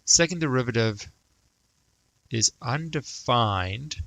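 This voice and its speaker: A man's voice: medium pitch, animated, takes it slowly, vocal fry, a bit bright, dry recording, poor audio. A man teaching math, thinking aloud and muttering to himself as he sketches a graph. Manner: self-talk, mutters, jokes about praising himself.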